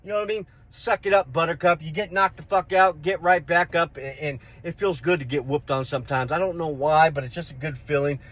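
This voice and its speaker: A middle-aged man telling a street fight story in a casual vlog, rough-spoken, swearing and repeating himself as he goes. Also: fairly high pitch, a little fast, hardly any pauses, fairly bright tone. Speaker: vlogger.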